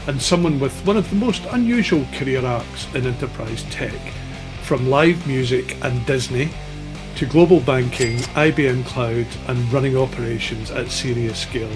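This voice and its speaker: A man's voice: mid-range voice, moderate pace, over music. A man with a Scottish accent hosting a podcast, chatting casually and teasing his guest. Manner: playful, teasing. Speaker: podcast host. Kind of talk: casual interview chat.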